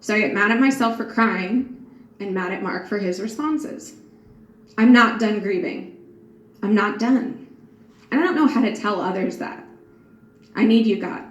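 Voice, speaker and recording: Soft-spoken woman reading her journal. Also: medium pitch, moderate pace, lo-fi sound. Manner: soft, earnest and reflective. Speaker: grieving mother. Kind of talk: reading a personal prayer journal aloud. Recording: echoey room with faint background hiss.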